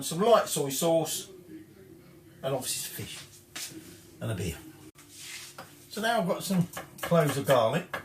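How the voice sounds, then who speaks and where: A man's voice: medium pitch, background noise. Chatty man in an echoey kitchen. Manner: chatty and rambling, corrects himself, casual swearing. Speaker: home cook presenting a recipe. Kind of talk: casual cooking demonstration. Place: home kitchen. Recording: echoey kitchen with clattering dishes.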